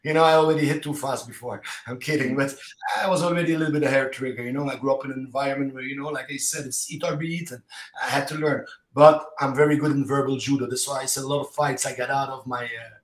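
Animated man telling stories in a roomy space. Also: medium pitch. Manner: animated, anecdotal, talks in quick fragments with many "you know"s. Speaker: martial arts instructor, podcast guest. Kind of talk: casual interview storytelling. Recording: roomy echo.

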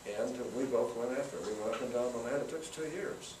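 An older man spins folksy stories for a student crowd, his voice carrying from a distance across a roomy hall. Steady noise hums behind him. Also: mid-range voice, fast talker. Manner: folksy anecdotal, acts out quotes. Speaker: guest speaker, senator. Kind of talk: storytelling talk to students. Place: campus event room. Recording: roomy, from far off, noisy.

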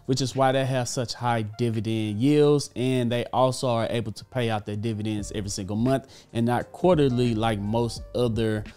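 A man hosting a casual finance video, upbeat and energetic with offhand asides. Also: mid-range voice, clean tone. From Texas. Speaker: host. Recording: faint background music.

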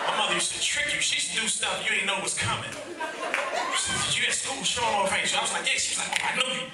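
A man in his forties from Washington, D.C., performing a stand-up comedy set at a gala and acting out characters in exaggerated voices. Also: sits high. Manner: animated, acts out characters in exaggerated voices, talks to the crowd. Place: large event hall with a live audience. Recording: echoey hall, distant mic, loud crowd laughter and noise. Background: audience laughter.

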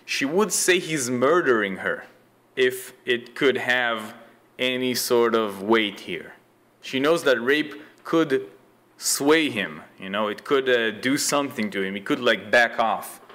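A man's voice: medium pitch, takes it slowly, fairly bright tone. A man doing sardonic commentary over a video clip, loose and chuckling.

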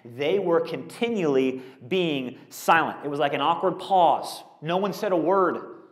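A male pastor preaching a conversational, animated sermon with rhetorical questions. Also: a little high, unhurried. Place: school auditorium used as a church. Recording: echoey auditorium.

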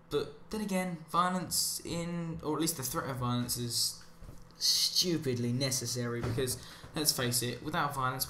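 A man's voice: medium pitch, bright, forceful tone, a little hiss or hum. Guy rambling sarcastically over gameplay, goes off on tangents, echoey room. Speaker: commentary channel host. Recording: roomy echo with faint ambience.

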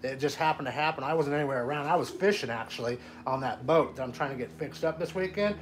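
A man's voice: on the high side, quick pace, natural voice. A man voicing a folksy old trailer-park fisherman in a prank phone call, drawling and calling the caller son. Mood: rambling. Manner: drawling, calls everyone son, tells tall tales.

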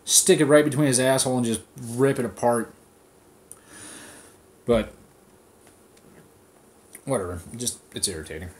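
A man hosting a podcast, ranting in a casual, profane style and telling an animated story, recorded on his phone. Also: mid-range voice, measured pace, long pauses, a little hiss or hum. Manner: swears constantly, animated storytelling. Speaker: podcast host.

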